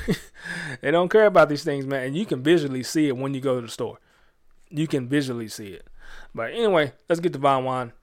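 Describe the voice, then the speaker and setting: A man hosting a radio show, talking about faith in a relaxed, slangy, conversational way with lots of fillers and restarts. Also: medium pitch. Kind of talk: casual faith talk on radio.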